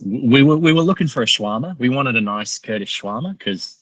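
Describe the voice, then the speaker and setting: A man with an Australian accent, a podcast guest telling a story in a casual, animated, profane way. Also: medium pitch, brisk, dry recording, low-quality recording.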